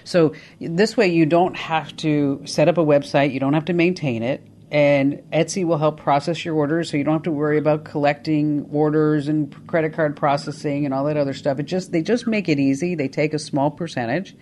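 A woman hosting a call-in radio show, talking in an upbeat, chatty way with quick asides. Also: low-pitched, fairly even intonation, a little mellow, slight background noise. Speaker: radio talk show host.

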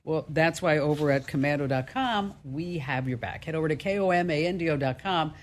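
Woman, new jersey accent, radio host, animated, chatty. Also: sits low, a little fast. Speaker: radio tech show host. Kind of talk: call-in radio chat.

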